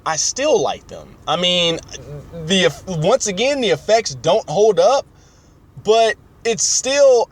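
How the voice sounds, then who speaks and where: A man hosting a podcast in casual chat, rambling and opinionated with many fillers. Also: high voice. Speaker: podcast host.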